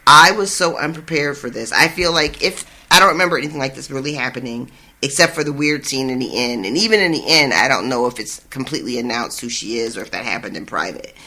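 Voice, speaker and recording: Bright-voiced excited podcast host. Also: medium pitch. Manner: excited, swears freely, fast recaps. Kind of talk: casual chat recapping a book.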